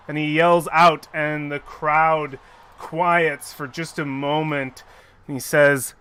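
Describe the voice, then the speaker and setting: Male game master, narrates slowly and deliberately, bright tone. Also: on the high side, steady tone, clear, resonant tone, dry recording.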